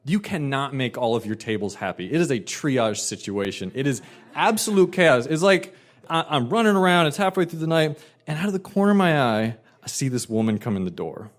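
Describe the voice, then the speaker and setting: A man telling a personal story in an animated, emphatic and self-mocking way. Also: medium pitch, a little fast.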